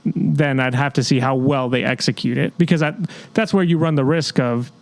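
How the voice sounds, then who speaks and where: A man's voice: medium pitch, moderate pace, vocal fry, no echo. A man co-hosting a podcast, reasoning aloud in casual chat. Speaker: podcast co-host.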